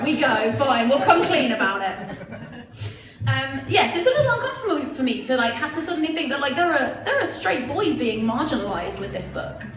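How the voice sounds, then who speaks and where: A woman's voice: high-pitched, far from the mic. A woman in her twenties doing a chatty, self-mocking stand-up comedy set on a club stage, often asking the crowd "right?". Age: 20s. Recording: echoey club mic heard from afar, audience noise. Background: audience laughter.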